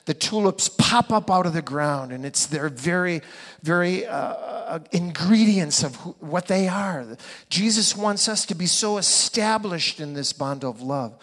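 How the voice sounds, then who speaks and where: A male pastor preaches slowly, spacing out every phrase, with a voice pitched a little above the usual. He keeps putting rhetorical questions to his congregation and leans hard on his key words. His voice rings out in a church sanctuary with a long reverb. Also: expressive, a bit bright. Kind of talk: sermon.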